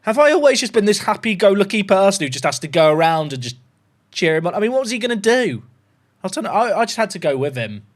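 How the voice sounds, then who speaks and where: Animated man chatting on a livestream. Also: high voice, quick pace. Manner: excitable, chatty, rambling. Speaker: gaming livestreamer. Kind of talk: casual livestream chat.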